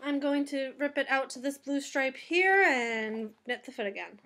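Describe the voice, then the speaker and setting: Her voice sits high and comes out pushed and bright at a moderate pace. This tired knitting vlogger rambles chattily from home, a cat on her lap, drifting off topic and laughing when she makes mistakes.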